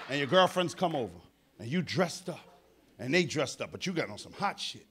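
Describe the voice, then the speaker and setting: A middle-aged man with a New York accent doing a live stand-up set, loud and brash, dropping to mutters and then bursting into shouts. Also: a little high, big pitch swings, brisk. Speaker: stand-up comedian. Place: live theater stage.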